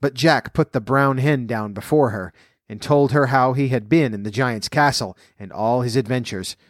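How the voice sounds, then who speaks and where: A man narrating a fairy tale in a steady, even storybook reading. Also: medium pitch, normal speed, dry recording, clean studio sound.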